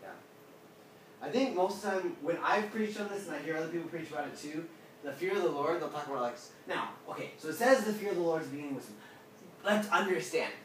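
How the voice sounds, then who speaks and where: A man with a slightly high voice gives a casual Bible talk to a small group, throwing questions to the room. He acts out quotes with lively bursts of voice. He is recorded from across a very echoey room with a faint hiss behind him. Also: fast. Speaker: pastor. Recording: echoey room, mic at a distance.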